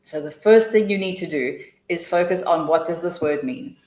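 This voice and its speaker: A woman runs an online teaching webinar in a lively, chatty way, laughing easily and thinking aloud as she moves between points. Her voice sits fairly low. She is heard over a computer mic in an echoey room. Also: normal speed. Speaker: TEFL trainer leading a webinar.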